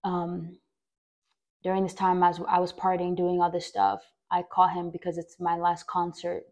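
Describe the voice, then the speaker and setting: A woman's voice: on the low side, monotone, moderate pace, darkish tone. A young woman hosting a podcast, telling a personal story in a rambling way with many fillers. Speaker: podcast host.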